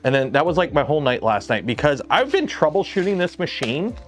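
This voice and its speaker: A man's voice: fairly high pitch, sing-song, fairly quick, faint music behind. A man with a Canadian accent hosting a livestream in a chatty, jokey, rambling way. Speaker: streamer host. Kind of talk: casual livestream chat.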